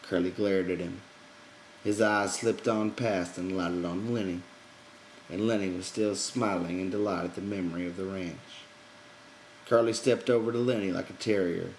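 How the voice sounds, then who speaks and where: Low-voiced man reading an audiobook. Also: fairly even intonation, a little mellow, a little hiss or hum, rough recording. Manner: measured storytelling. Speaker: reader. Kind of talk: audiobook narration.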